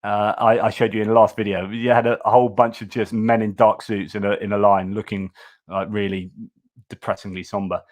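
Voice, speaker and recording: A man's voice: fairly low pitch, level tone, a little fast. A man hosting a news livestream, giving casual commentary in a chatty, informal way with many fillers and restarts.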